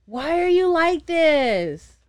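A young woman hosting a casual podcast chat, animated, laughing often and swearing freely as she acts out scenes. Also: extremely high pitch, takes it slowly, no room sound. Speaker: podcast host.

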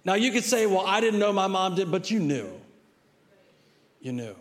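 A man's voice: sits high, very animated, moderate pace. A middle-aged male pastor preaching a sermon in a conversational way, often repeating words and restarting phrases. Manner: acts out a child's pleading voice in quotes.

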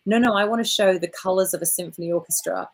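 An Australian woman, a founder, answering interview questions in an animated, storytelling way, acting out quotes and using fillers like "look" and "you know". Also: on the low side, fast. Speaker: orchestra founder, guest.

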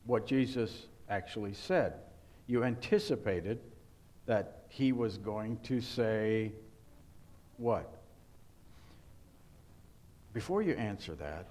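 A man's voice: mid-range voice, darkish tone. A male pastor preaching an earnest sermon and putting rhetorical questions to his congregation.

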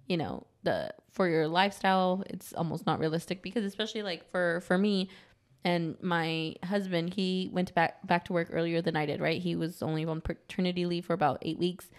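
A woman in her thirties co-hosting a podcast in casual chat, candid and quick to laugh, often checking in with "right?". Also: fairly low pitch. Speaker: podcast co-host.

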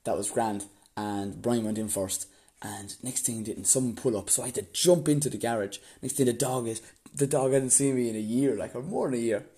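Young Irish man telling a lively story. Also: medium pitch, a little fast. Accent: Irish, Waterford. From Ireland. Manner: animated, laughs often mid-story. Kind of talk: casual storytelling.

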